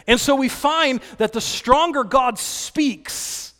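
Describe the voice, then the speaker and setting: A man preaching a sermon, swinging between hushed, quiet passages and loud, excited ones. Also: very high-pitched, slow. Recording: long hall reverb.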